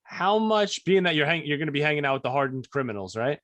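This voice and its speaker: A man's voice: fairly high pitch, expressive, fast, fairly bright tone. Teasing man needling a podcast guest. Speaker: podcast co-host. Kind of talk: casual chat.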